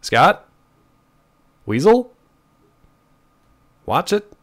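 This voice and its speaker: A male livestream host chatting casually from home, playful and animated, jumping between high and low pitch. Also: very slow. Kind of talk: casual chat while gaming.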